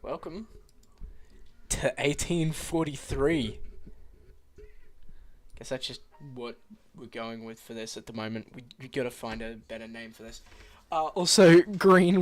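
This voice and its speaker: A woman's voice: extremely low pitch, expressive, measured pace. An Australian woman running a tabletop game as game master, swearing casually and laughing often.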